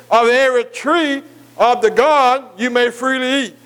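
A man preaching a sermon, who keeps asking his listeners "am I right?" and slowly spells out key words letter by letter. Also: extremely high pitch, steady tone, a bit bright, clean tone, poor audio. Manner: asks the congregation "am I right?" again and again.

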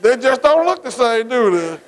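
A man's voice: extremely high pitch, sing-song, normal speed, low-quality recording. A middle-aged man preaching a sermon, asking his congregation questions and repeating phrases in a call-and-response cadence.

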